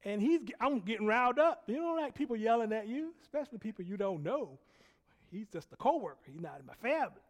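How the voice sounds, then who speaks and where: A man preaching a sermon, telling a personal story in an animated way, laughing often and dropping from loud bursts to hushed quiet. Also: sits high, quick pace. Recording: long hall reverb.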